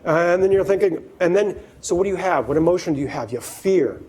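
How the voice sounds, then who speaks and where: A man's voice: sits high, animated, fast, dark tone, rough recording. A man giving a keynote talk to a live audience. He speaks straight to the listeners and acts out the voices he quotes.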